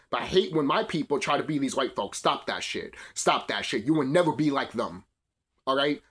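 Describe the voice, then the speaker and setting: A man's voice: fairly high pitch, a bit bright, breathy edge. A young man hosting his channel, delivering a heated, profane, rambling rant. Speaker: video channel host. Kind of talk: ranting commentary.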